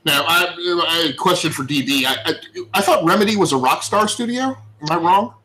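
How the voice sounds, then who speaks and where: A male podcast co-host talking about games with plain excitement. His voice sits a little high, and he stumbles and restarts as he gushes. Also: a little fast, rough recording. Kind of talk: casual chat.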